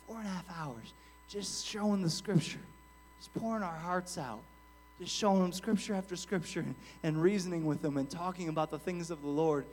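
Earnest preaching man, slightly high voice. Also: moderate pace, slight background noise. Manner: earnest, builds from quiet storytelling to forceful preaching; frequent restarts and "amen" asides. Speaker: guest pastor. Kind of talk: sermon with storytelling.

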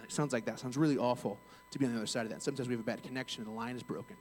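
An earnest man of middle pitch talks through a personal story from his work in customer service. He rambles and restarts his sentences often in a relaxed, casual way, with a faint hum behind him. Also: rapid-fire, rough recording. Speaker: bank customer service rep.

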